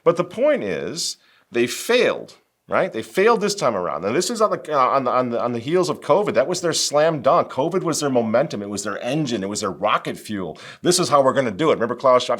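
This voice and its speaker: A man's voice: medium pitch, expressive, fast. A middle-aged man hosting a political commentary show, talking in a sarcastic, mocking way. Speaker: host.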